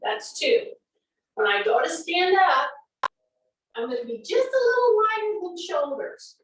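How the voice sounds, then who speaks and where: A woman's voice: very high-pitched, sing-song, measured pace, fairly bright tone, recorded from a distance, slight background noise. A woman fitness instructor talking through exercises as she demonstrates them, chatty and encouraging. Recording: echoey room, voice off-mic.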